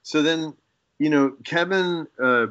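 A man's voice: fairly high pitch, slow pace, no room sound. A man who is a guest on a podcast about special effects makeup, chatting casually and telling stories with quoted dialogue. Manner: animated storyteller acting out quoted dialogue. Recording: dull dry lo-fi sound.

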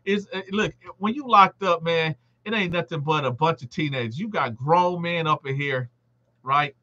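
A man's voice: a little high, moderate pace, muffled recording. A man hosting a live stream, casually telling a story from his time locked up and acting out what others said. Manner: animated, acts out other inmates' quoted lines. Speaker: livestream host telling a prison story.

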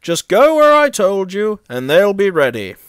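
A steady, sensible storybook tank engine, voiced by a man in a raised but easy voice. He talks in a reassuring, matter-of-fact way, close and dry on the mic. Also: high voice, unhurried, clear, resonant tone, no room sound, pitched above the performer's own voice, heavily acted.

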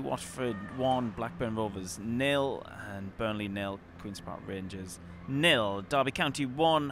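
A man's voice: mid-range voice, a bit bright. Easygoing man presenting a football show. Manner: easygoing, reads results and fan questions. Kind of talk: post-match show hosting. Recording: faint outdoor traffic noise.

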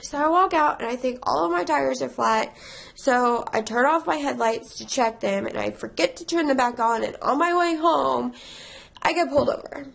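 A woman's voice: high-pitched, moderate pace, vocal fry, a bit bright. A young woman vlogging casually, rambling and emotional, tearful and stressed while laughing through it. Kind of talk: casual confessional vlog.

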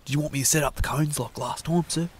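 A man voicing a timid, eager green male creature servant in an adult cartoon, with a high, strained whimpering voice. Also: fast talker, husky. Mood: obedient.

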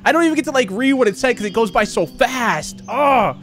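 A young man hosting a horror game let's play, excitable and chatty, talking to his viewers and saying dude a lot. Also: very high voice, a little fast, faint music behind. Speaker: gaming channel host.

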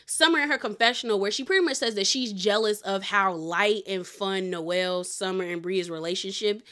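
A young woman casually recapping a reality show episode, chatty and animated, full of "like" and "girl". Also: mid-range voice, normal speed.

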